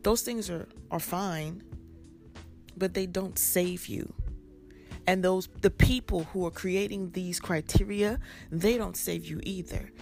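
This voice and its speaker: A woman's voice: lowish voice, takes it slowly, creaky, darkish tone, faint music behind. A woman preaching a sermon with an emphatic, repetitive cadence.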